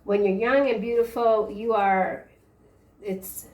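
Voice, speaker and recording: A woman giving a casual tarot reading, rambling and halting as she works through the cards. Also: mid-range voice, fairly even intonation, darkish tone, roomy sound, distant mic. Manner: rambling, halting stream of card interpretations. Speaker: tarot reader.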